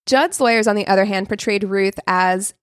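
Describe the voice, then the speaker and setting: A woman's voice: mid-range voice, moderate pace, no room sound, clean studio sound. Laughing woman retelling a true crime case. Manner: laughs often, swears, slips into mocking voices. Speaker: podcast co-host telling a true crime story. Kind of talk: casual storytelling chat.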